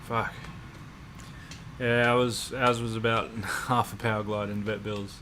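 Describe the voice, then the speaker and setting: Laid-back Australian bloke. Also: male voice, lowish voice, little pitch movement, a little slow, sharp tone, a little hiss or hum. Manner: laid-back, swears casually. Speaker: livestream co-host. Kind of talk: casual chat on a livestream.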